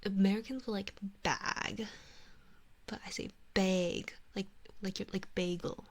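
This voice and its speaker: A woman from Canada with a Canadian accent, softly whispering as she chats with viewers in an ASMR stream. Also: mid-range voice, fairly even intonation. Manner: soft whispering, chatty and drawn-out words.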